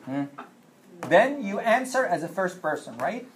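A woman's voice: medium pitch, very animated, unhurried, a little hiss or hum. A woman teaching a classroom lesson, patiently repeating phrases and drilling her students. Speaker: Arabic teacher.

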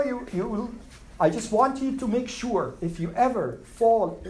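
A man's voice: high voice, a little mellow, slight background noise, low-quality recording. A man teaching a religious class in a conversational way, often putting questions to the room and repeating them. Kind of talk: classroom lecture.

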